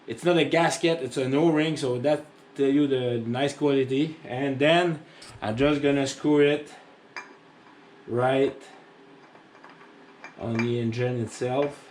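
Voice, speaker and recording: A man's voice: medium pitch, steady tone, takes it slowly, long pauses, a little mellow, a little hiss or hum. A man with a French accent explaining tractor upkeep in a chatty, rambling how-to vlog, joking at himself. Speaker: tractor owner showing maintenance.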